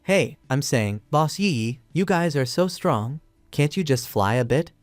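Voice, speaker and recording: A man reading the lines of a tired, easily frightened young woman companion in a plain, even way. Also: a little high, measured pace, dry recording, faint music behind.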